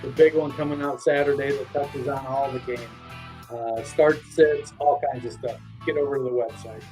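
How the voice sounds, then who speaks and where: A man's voice: medium pitch, fairly even intonation, moderate pace, a little mellow, soft background music, poor audio. Male guest analyst, blunt, salty, laid-back. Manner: blunt, salty and joking, with many fillers. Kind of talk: casual sports chat.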